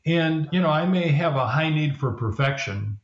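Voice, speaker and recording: A leadership coach and author appears as a guest in a podcast interview, his voice on the high side, expressive and at a moderate pace. He explains his ideas and sometimes acts out quoted voices, in a roomy, dull lo-fi recording.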